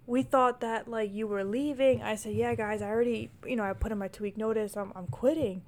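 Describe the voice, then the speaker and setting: A young woman in casual chat, telling funny stories with laughs and quick restarts. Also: on the high side, fairly even intonation, darkish tone. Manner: laughing storyteller, trailing off and restarting. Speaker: co-host.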